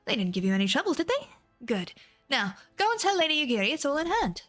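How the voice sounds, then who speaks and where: A woman voicing a cheerful, generous female innkeeper in a brisk, chirpy put-on accent for a game. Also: sits high, big pitch swings, fairly bright tone, faint music behind, voice pushed up. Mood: reassuring.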